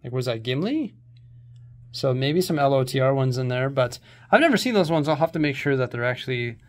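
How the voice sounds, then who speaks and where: In a casual home vlog, a man with an expressive mid-range voice talks briskly while showing and organizing his things. He's out of breath from moving around the rooms and stairs. He rambles freely, using plenty of fillers.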